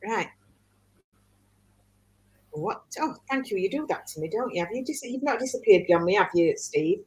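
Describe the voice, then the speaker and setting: A woman's voice: medium pitch, expressive, normal speed, a little mellow. An older woman hosting a podcast, talking in a rambling, hesitant way with many restarts. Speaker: podcast host. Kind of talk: reflective podcast talk on self-talk.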